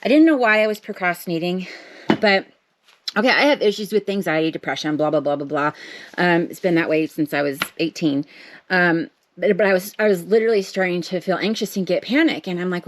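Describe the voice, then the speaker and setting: A woman's voice: lowish voice, a little fast, no room sound. A woman chatting to camera from her home art table, rambling and self-deprecating with lots of fillers. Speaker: art vlogger. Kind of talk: casual chat to camera.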